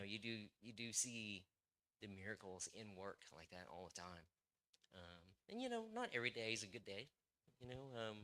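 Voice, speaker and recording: A man's voice: fairly low pitch, sharp tone. A young man, a police officer, speaking as a guest to a church group in a rambling, casual way with many fillers and restarts.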